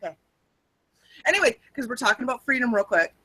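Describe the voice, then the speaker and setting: A woman's voice: fairly high pitch, sing-song, quick pace, sharp tone, breathy edge, dry recording, poor audio. A young adult woman co-hosting a podcast, chatting casually in a rambling, wry, self-mocking way. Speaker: podcast co-host. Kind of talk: casual chat.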